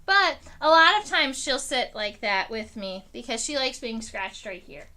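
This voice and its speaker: A young woman entomologist streamer with a high, bright voice chats casually with livestream viewers from her home living room. Her loose storytelling, at a measured pace, is full of fillers and restarts, and her pitch jumps up animatedly at exciting parts.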